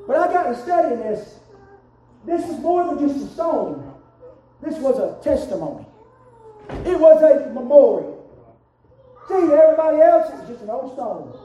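A man preaching a sermon in a church, shouting in rising, chanted cadences. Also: extremely high pitch, sing-song, normal speed, pauses often, muffled recording, slight background noise. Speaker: pastor. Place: church sanctuary. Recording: roomy church sound from a distant mic.

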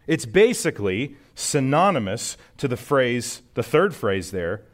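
A man's voice: medium pitch, sing-song, a little slow, few pauses. A man preaching a sermon in an earnest teaching manner, rising sharply on emphatic points. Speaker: pastor.

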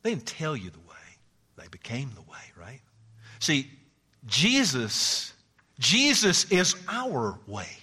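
A male pastor preaching a sermon, moving from loud, climbing declarations to hushed near-whispers and folksy stories. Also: mid-range voice, wildly swooping pitch, takes it slowly, slightly rough, in a large hall.

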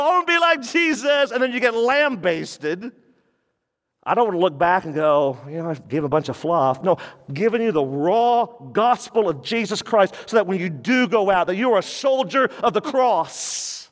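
A man preaching a sermon, animated and full of questions to the congregation, with sudden drops into low, quiet warnings. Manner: animated, swings between loud emphasis and quiet low warnings; asks the congregation questions and answers them. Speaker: pastor. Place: church sanctuary. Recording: long reverb of a church hall.

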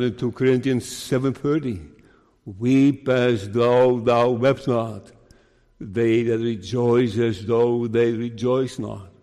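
Slow, earnest preaching man in a hall. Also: medium pitch, dark tone. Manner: earnest preaching, slow deliberate delivery with emphatic rises. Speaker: minister. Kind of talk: sermon.

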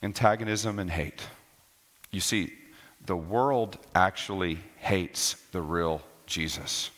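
Emphatic preacher, bright voice in a hall. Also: male voice, slow. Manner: emphatic, repeats key phrases, swings between loud and low. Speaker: pastor. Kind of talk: sermon. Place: church sanctuary. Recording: long church hall reverb.

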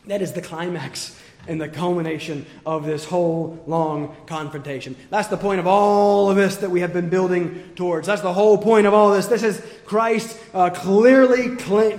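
High-voiced man preaching in an echoey hall. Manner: emphatic, building to forceful points then dropping quiet. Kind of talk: expository sermon. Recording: echoey hall with long reverb.

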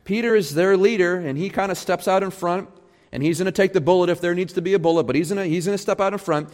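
A male pastor preaching a sermon, animated, acting out quoted voices as he goes. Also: sits high, quick pace. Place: church sanctuary. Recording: long church reverb.

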